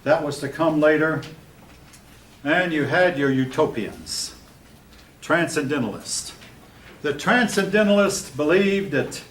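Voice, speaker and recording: A man's voice: fairly high pitch, lively intonation, slow, long pauses, a bit bright, slight background noise. Older man giving a blunt history lecture. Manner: blunt, opinionated asides to the class. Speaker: history teacher. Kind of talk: classroom lecture. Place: classroom. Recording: roomy classroom recorded from a distance.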